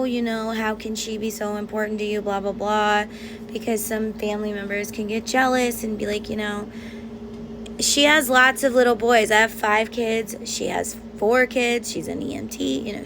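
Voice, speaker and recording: A woman's voice: a little high, sharp tone, rough recording. A woman in her thirties, a mother of five, talking casually to viewers in a rambling, chatty way with lots of fillers. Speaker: mom vlogger. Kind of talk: casual chat to camera. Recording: noticeable background noise.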